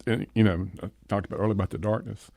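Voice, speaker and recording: A man, a charity co-founder, reflecting slowly in a podcast interview, often restarting his sentences. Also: on the low side, steady tone, gravelly, dry recording. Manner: halting, soft-spoken, restarts his sentences.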